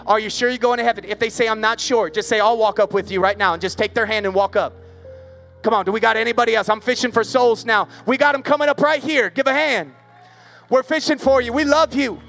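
A man's voice: extremely high pitch, fairly bright tone. A man preaching an impassioned revival sermon at an outdoor service and leading an altar call. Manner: impassioned, repetitive preaching cadence.

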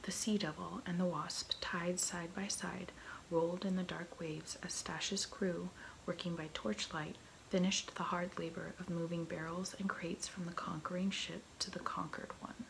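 耳语角色扮演：一位女性用低沉沙哑的轻声慢慢朗读故事。. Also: female voice, lowish voice, little pitch movement, vocal fry, slight background noise, low-quality recording. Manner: slow, soft whispered reading. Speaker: ASMR reader. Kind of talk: whispered role-play.

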